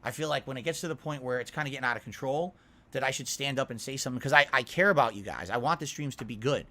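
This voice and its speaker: A man's voice: mid-range voice, fast, pushed and bright. A man streaming live, giving his chat an earnest, defensive lecture, and often checking in with "all right?". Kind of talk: livestream rant to chat.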